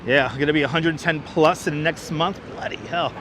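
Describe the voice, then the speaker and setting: A chatty man hosting a walking livestream on a city street, with a high, bright voice. He jokes along as he reads comments aloud. A clip-on mic catches him, with faint traffic noise behind. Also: steady tone, normal speed, few pauses. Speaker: livestream host. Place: outdoors on a city waterfront street. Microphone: wireless clip-on mic.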